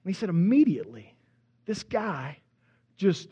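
A male pastor, telling an animated story in a sermon and calling out to the congregation. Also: high-pitched, normal speed, pauses often, slight background noise. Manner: animated, conversational, audience-engaging. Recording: dull lo-fi recording.

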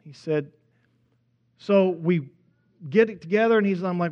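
A male pastor, telling an animated story in a sermon and calling out to the congregation. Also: high-pitched, a little fast. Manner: animated, conversational, audience-engaging. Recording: dull lo-fi recording.

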